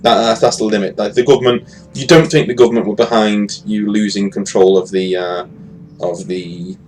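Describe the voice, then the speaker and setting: A man's voice: fairly low pitch, steady tone, normal speed, a little mellow, low-quality recording. A man running a tabletop game as game master, narrating with frequent hesitations and fillers. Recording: faint ambient noise.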